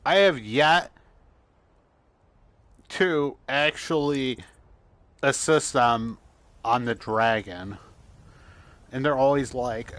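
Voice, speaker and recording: A man's voice: mid-range voice, drawn-out words, long pauses, a bit bright. Joking man commenting on his gameplay. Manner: joking, offhand. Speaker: gamer.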